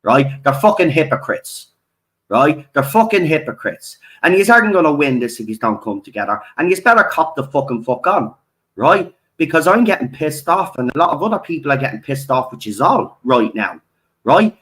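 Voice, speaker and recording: This Irish host's voice sits fairly high and sounds a little bright, though the audio is poor. He delivers a swearing-filled, angry monologue on camera, habitually adding "right?" to what he says.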